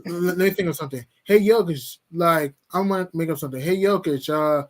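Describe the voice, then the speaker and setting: A man in casual sports chat who breaks in with quick, emphatic remarks. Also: a little high.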